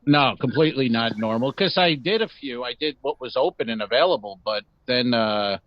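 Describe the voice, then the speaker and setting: A man co-hosting a comedy podcast, talking in a relaxed, rambling way. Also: medium pitch, moderate pace, no echo. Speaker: podcast co-host. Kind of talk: casual podcast chat. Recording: dry, slightly dull sound.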